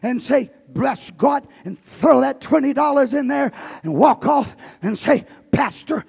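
Male pastor, fiery sing-song sermon, gravelly and husky tone. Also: very high voice, expressive, unhurried. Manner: shouting, sing-song preaching cadence. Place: church auditorium.

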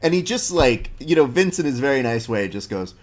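A man's voice: mid-range voice, big pitch swings, a little fast, a loud crowd. A young man hosting a podcast in a laid-back, slangy chat, full of "dude" and storytelling. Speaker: podcast host. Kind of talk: casual interview chat.

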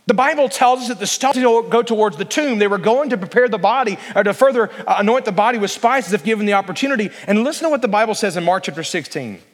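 A male pastor with a notably high voice delivers an earnest sermon. He slows to a deliberate pace over scripture and draws the congregation into answering. His words ring out with a long reverb from a large church hall. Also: animated. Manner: earnest preaching, slows down to read scripture aloud, asks the congregation to respond.

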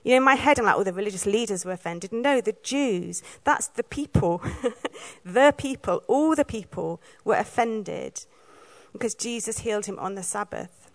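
A woman from Wales giving a sermon, telling the story in a lively way and acting out the lines she quotes. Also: fairly high pitch, normal speed, gravelly. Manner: lively storytelling, acts out quoted lines, laughs now and then. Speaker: preacher.

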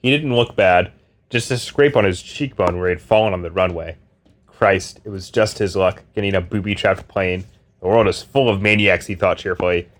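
A man's voice: sits low, normal speed. A man co-hosting a comedy podcast, trading teasing, wry banter and narrating a book aloud. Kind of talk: casual banter and reading aloud.

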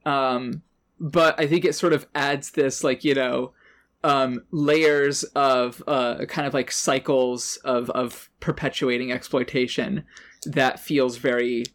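A man's voice: medium pitch, steady tone, takes it slowly, a bit bright. A man co-hosting a tabletop podcast, talking through a character backstory in a thoughtful, hedging way full of fillers. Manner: thoughtful, hedging, heavy use of "like". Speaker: podcast co-host and player. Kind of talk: casual tabletop character-building chat.

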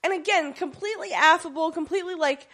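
A woman's voice: very high voice, fast, a bit bright. A woman in casual conversation, animatedly recapping a TV episode and slipping into characters' voices. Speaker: podcast co-host recapping a TV episode. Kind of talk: casual chat.

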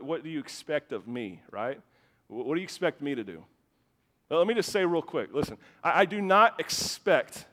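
A man's voice: high voice, big-room sound. A man in his thirties preaching a sermon as pastor, impassioned and emphatic, often restarting his words. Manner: impassioned, rising to loud emphatic bursts, with repeated restarts. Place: church hall.

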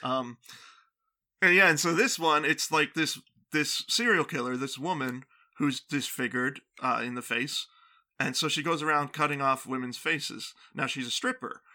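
A man's voice: fairly high pitch, moderate pace, sharp tone. A man co-hosting a casual movie-review chat, sarcastic and incredulous as he picks apart plot holes. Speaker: podcast co-host.

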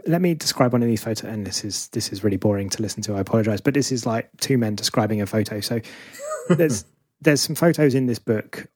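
A man's voice: medium pitch, darkish tone, no echo. Brief: male host, musing and self-deprecating, dry close-miked sound. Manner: thoughtful, self-deprecating, stops to restart. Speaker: podcast host. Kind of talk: conversational interview.

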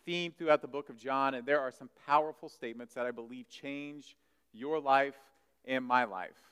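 A man preaching a sermon, animated, swinging from loud emphasis to soft asides. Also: medium pitch, smooth. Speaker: pastor. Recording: long hall reverb.

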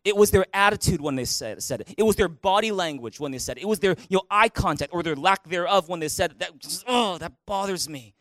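A middle-aged male pastor preaching a sermon in a church, animated, acting out angry quotes with sudden loud outbursts. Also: high voice, fast, hardly any pauses, dry recording. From Canada. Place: church auditorium.

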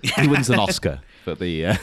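A man's voice: on the low side, very animated, normal speed, a bit bright, no room sound, studio quality. A man, a podcast guest, chatting casually and laughing often.

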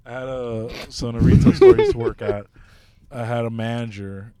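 A man's voice: medium pitch, wildly swooping pitch, a little fast, warm tone. Man casually telling a retail story. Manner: loose anecdotal, profane. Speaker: podcast guest. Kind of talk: casual comedic chat. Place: inside a car.

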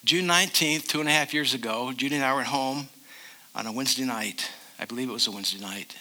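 An older man preaching a sermon as a pastor, emphatic, and slowing down to stress key phrases. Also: mid-range voice, sharp tone.

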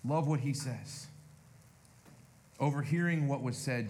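A pastor preaching a conversational sermon, speaking to the congregation directly and animatedly. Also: male voice, mid-range voice, steady tone, moderate pace, pauses often, darkish tone.

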